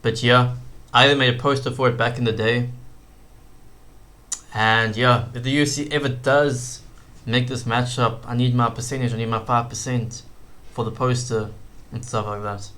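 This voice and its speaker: Brief: young male YouTuber, bright mid voice, loose filler-heavy casual commentary. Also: mid-range voice, fairly even intonation, normal speed. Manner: rambling, frequent fillers and slang like "bro".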